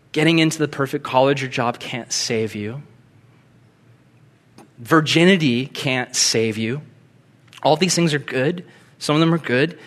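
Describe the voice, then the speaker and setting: A man preaching a sermon as pastor, earnest and conversational, swelling to emphasis and dropping to a hush in prayer. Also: fairly high pitch.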